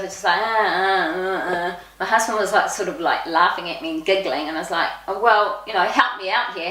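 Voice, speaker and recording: A woman, telling personal stories in a casual vlog, chatty and expressive, acting out what people said. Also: medium pitch. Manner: chatty and expressive, acts out quoted speech. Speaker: vlogger. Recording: echoey room.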